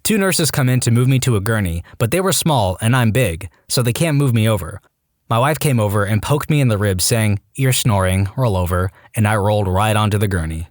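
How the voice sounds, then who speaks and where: Lively male reddit story narrator. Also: lowish voice, a little fast, dry recording, clean studio sound. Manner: lively, with exasperated asides. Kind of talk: reading reddit stories.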